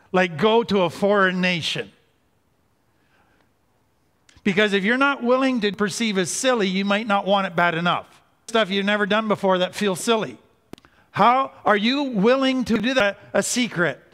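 A man giving an earnest teaching talk on recovery, slowing down to stress key points. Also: high-pitched, fairly bright tone. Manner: earnest, slows down for emphasis. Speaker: recovery speaker. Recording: hall reverb.

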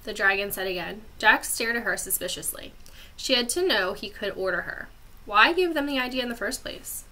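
A woman teacher reading a chapter book aloud to her class with expressive storytelling. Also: mid-range voice, normal speed.

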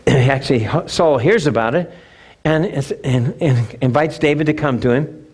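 A male pastor preaching a sermon, telling a story with animated, emphatic repeats. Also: mid-range voice, a little slow, slightly rough.

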